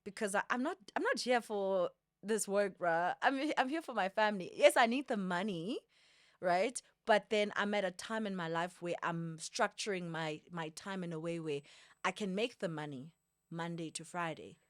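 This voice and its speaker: A woman's voice: mid-range voice, moderate pace, no room sound, studio quality. A woman in her early thirties, a guest in a casual podcast chat, earnest and reflective, repeating phrases for emphasis. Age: 30s.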